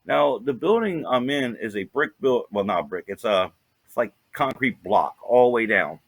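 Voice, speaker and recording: A man's voice: medium pitch, lively intonation, moderate pace, slightly rough, no echo. A man co-hosting a podcast, telling a rambling story full of "you know" fillers. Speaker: podcast co-host. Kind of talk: casual storytelling.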